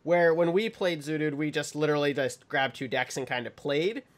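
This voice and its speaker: Male podcast host with a higher-than-usual voice, casual and rambling. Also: normal speed. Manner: rambling, many ums, laughs while telling stories. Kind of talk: casual chat.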